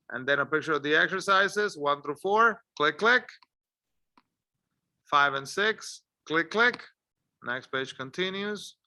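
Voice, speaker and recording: A man teaching an English lesson, encouraging and drilling words clearly for learners to repeat. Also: on the high side, pushed and bright. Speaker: ESL teacher. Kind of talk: slow, deliberate English lesson.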